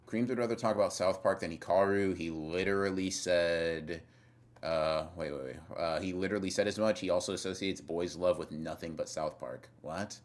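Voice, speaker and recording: A man's voice: sits low, steady tone, moderate pace. A young man streaming live, reading chat and teasing viewers in a rambling, casual way with lots of fillers and repeated words.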